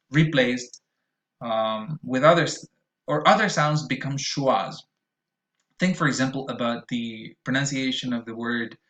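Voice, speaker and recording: A man's voice: medium pitch, a bit bright. Patient man teaching pronunciation. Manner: explanatory, patient, models sounds aloud. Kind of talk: recorded video lecture.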